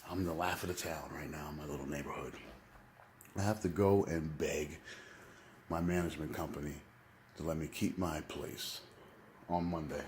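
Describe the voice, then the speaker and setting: Low-voiced man in a candid confessional vlog. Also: fairly even intonation, normal speed, pauses often, a little mellow, slight background noise, poor audio. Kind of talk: casual vlog monologue.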